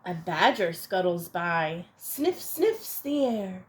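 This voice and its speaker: A woman reading a picture book aloud to children, expressive and playful, adding little asides for young listeners. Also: fairly low pitch, slow, hardly any pauses, rough recording. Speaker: storyteller.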